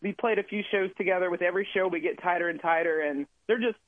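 A man's voice: high voice, fast talker, dry recording. A man, a touring musician, chatting casually as an interview guest over the phone, rambling and friendly with lots of fillers. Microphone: phone call. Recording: tinny dry phone line.

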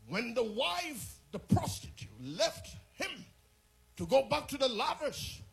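Male pastor, middle-aged, slow delivery with gravelly fry; animated sermon storyteller. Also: very high-pitched. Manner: animated storyteller, swinging between quiet asides and shouted peaks.

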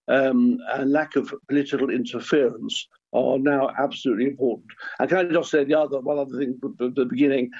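Older man, radio guest, husky, hesitant and earnest, dull lo-fi line. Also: medium pitch, a little mellow. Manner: hesitant, repeats words, earnest. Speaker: guest, former football club chairman. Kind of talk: radio interview.

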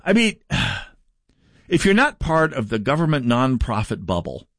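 A man's voice: mid-range voice, very animated, a little slow, a bit bright, dry recording, studio quality. A middle-aged man from North Dakota hosting a political talk radio show, delivering a sardonic, mocking monologue.

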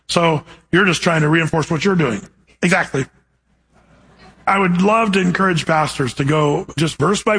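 Husky-voiced man preaching a sermon. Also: high-pitched, a bit bright, rough recording. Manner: earnest, asks the congregation direct questions. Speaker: pastor. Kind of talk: verse-by-verse sermon.

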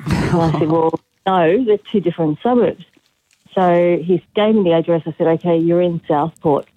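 Woman caller, brisk and exasperated, thin phone-line sound. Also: lowish voice, no echo. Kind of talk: phone-in anecdote.

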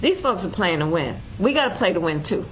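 A woman giving a measured political speech with deliberate emphasis. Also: fairly low pitch, sing-song, a little hiss or hum, poor audio. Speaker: politician in an archive clip.

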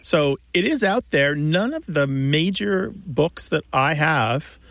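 Gravelly male radio host. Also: a little high, very animated, slow, fairly bright tone, no echo. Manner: explains at length, thoughtful, restarts. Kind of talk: call-in radio chat about language.

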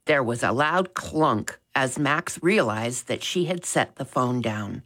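A woman reads a children's storybook aloud at an unhurried pace. Her voice sits low for a woman, yet it swings expressively through the sentences. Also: expressive, fairly bright tone. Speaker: audiobook narrator. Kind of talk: storybook narration.

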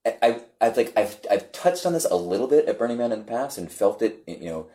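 A man in a casual conversation, telling a long story with many restarts and repeated words that turns animated as it goes. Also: medium pitch, brisk.

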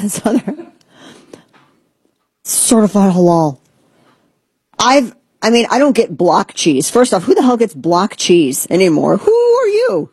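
A woman hosting a talk show, ranting sarcastically in casual commentary and mocking others in squeaky put-on voices. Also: big pitch swings, takes it slowly, long pauses, darkish tone, slightly rough, dry recording. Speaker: podcast host.

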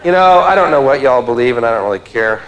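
A man's voice: mid-range voice, animated, fast talker, rough recording. A male stand-up comedian with a wry, conversational delivery, performing live. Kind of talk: stand-up routine. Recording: live show with crowd laughter.

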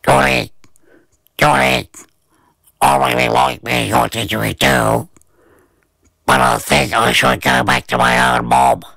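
A man voicing a small, timid male didgeridoo that talks softly in a storybook. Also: mid-range voice, little pitch movement, unhurried, vocal fry, long pauses, no room sound, heavily acted.

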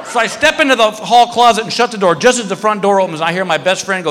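A man doing stand-up, telling a story in a lively, animated way and acting out other people's voices. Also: quick pace, hardly any pauses. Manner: animated, acts out a high-pitched wife's voice. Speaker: stand-up comedian. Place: comedy club stage with live audience. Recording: live club recording, hall reverb, crowd.

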